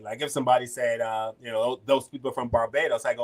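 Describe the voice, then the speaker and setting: A man's voice: mid-range voice, steady tone, quick pace, few pauses, a bit bright. A man co-hosting a casual talk show, conversational, reading out and answering viewer comments. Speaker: co-host. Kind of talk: casual chat.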